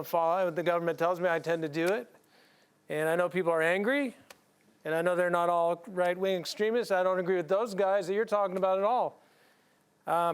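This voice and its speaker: A man from the United States, a comedian on a studio panel, joking in a deadpan way with playful swings in his voice. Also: high-pitched, smooth. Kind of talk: panel discussion with jokes.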